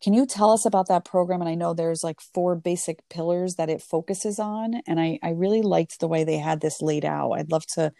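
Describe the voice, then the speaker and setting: Low, mellow-voiced woman host. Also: brisk, gravelly, few pauses, dry recording, clean studio sound. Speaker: podcast host. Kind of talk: casual interview chat.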